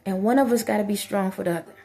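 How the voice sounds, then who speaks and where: A woman's voice: mid-range voice, racing, vocal fry, mellow, soft background music. A woman vlogger giving an impassioned spiritual monologue, repeatedly soothing and urging an unseen listener.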